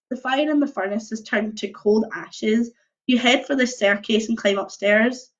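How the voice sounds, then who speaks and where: A young woman reading a choose-your-own-adventure book aloud on a livestream, mixing lively narration with casual chatty asides. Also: a little high, moderate pace. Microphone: computer or phone mic on a video stream. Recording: dull lo-fi livestream audio.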